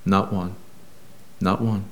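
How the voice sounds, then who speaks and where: A man's voice: low-pitched, little pitch movement, takes it slowly. A man preaching a sermon as a pastor, emphatic and full of rhetorical questions.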